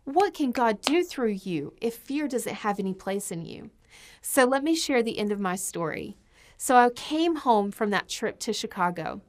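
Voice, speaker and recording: A woman preaching a sermon with passion, her voice surging to emphatic peaks and then dropping to hushed asides. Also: a little high.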